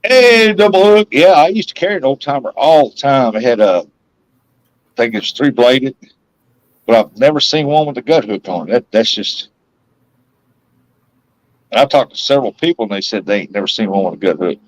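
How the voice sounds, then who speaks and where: A man's voice: mid-range voice, expressive, a little fast, long pauses, poor audio. A man hosting a live stream, rambling casually and laughing often. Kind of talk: casual chat.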